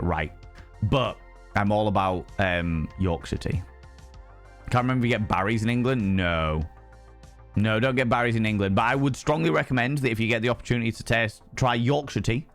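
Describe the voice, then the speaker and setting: Man, low-pitched, slightly hoarse, husky, flamboyant streamer, theatrical casual chat, high mock voices. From Ireland. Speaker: livestream host. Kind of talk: casual chat reading viewer messages.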